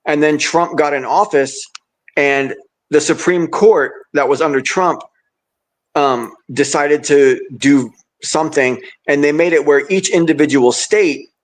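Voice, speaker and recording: Calm man explaining. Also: fairly high pitch. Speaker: podcast guest. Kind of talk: casual chat.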